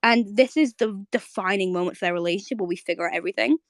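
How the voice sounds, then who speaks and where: A young woman hosting a live audio chat on a home mic, rambling in quick bursts with lots of fillers and repeats. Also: mid-range voice, dry recording, clean studio sound. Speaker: host of a live audio space. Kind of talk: casual live chat to listeners.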